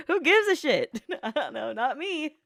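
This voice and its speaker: A woman's voice: high voice, creaky, no echo. A young woman streamer in casual chat, blunt, laughing often and swearing freely. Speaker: streamer reacting to a video.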